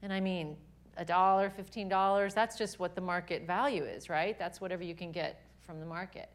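A woman voicing God as a gentle, patient male presence who reasons with her calmly and softly. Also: fairly quick, natural voice. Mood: gentle reasoning. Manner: calm, questioning, soft and low.

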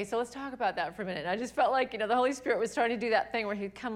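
A woman, a Christian singer-songwriter, speaking to women in a chatty, animated testimony talk full of fillers and self-deprecating humor. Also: a little high, racing.

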